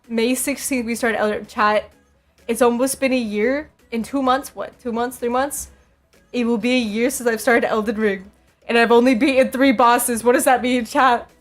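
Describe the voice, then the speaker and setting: Young woman, streamer, slightly high pitch, chatty, repeats herself, faint music behind. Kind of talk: casual chat with stream viewers.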